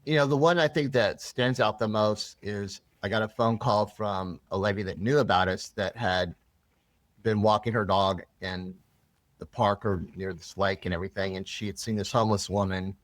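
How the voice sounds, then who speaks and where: Low-voiced man telling a personal story. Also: dry recording. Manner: rambling, earnest, many restarts. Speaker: interview guest.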